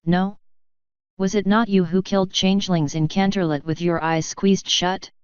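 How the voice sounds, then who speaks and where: A woman's voice: mid-range voice, steady tone, moderate pace, clear, resonant tone, no room sound, natural voice. A woman voicing a sinister, fanged female pony doppelganger with a honeyed, taunting manner, on a dull, dry recording.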